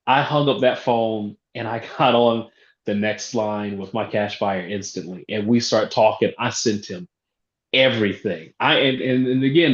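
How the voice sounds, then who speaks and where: A man, a real estate investor, telling an animated story from a talk, acting out phone calls and laughing as he goes. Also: on the low side. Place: event room. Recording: roomy, dull lo-fi sound.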